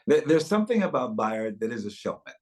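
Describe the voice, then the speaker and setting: A man's voice: medium pitch, very animated, brisk, a little mellow. A man speaking as an actor guest in a webchat interview over a video call, reflective and expansive in the way he tells things.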